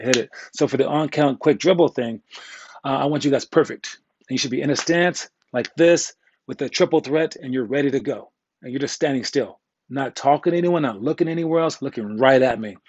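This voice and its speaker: A man's voice: medium pitch, vocal fry, a little mellow, slightly rough, dry recording, highs cut off. A man coaching youth basketball players in a casual, candid way, joking and rambling, with slang thrown in. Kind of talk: casual instructional talk.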